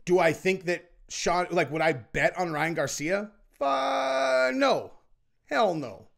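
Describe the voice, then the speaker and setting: A man's voice: high voice, slow, gravelly, a bit bright. A man hosting his own show, giving casual opinion commentary in a rambling, emphatic way with frequent restarts. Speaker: show host.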